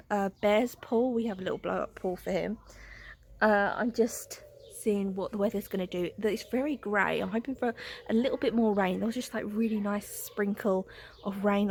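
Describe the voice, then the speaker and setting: She is a young woman filming a casual vlog on her phone at home and out in the garden. Her voice sits at an ordinary mid pitch, and she talks in a chatty, candid way. She often drops into a soft, hushed tone. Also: a little hiss or hum. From England. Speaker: vlogger. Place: at home, then outdoors in a garden.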